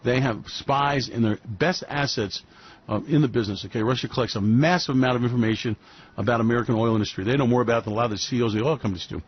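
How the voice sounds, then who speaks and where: A man giving animated radio market commentary, telling it as a story and acting out quoted voices. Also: mid-range voice, racing, husky, muffled recording.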